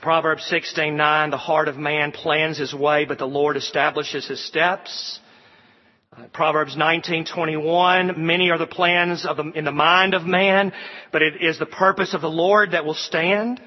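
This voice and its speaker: A man's voice: a little high, level tone, unhurried. A man preaching a sermon, quoting scripture and building through repeated appeals. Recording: dull sound with long hall reverb.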